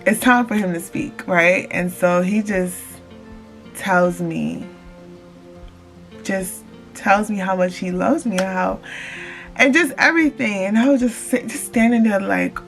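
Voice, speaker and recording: A young woman vlogger telling an excited casual storytime straight to her viewers, calling them y'all. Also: mid-range voice, unhurried, vocal fry, faint music behind.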